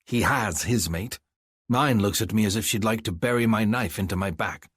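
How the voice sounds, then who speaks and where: Deep husky man narrating an audiobook. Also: a bit bright, no room sound. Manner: gruff, measured, slow deliberate phrasing. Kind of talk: first-person audiobook narration.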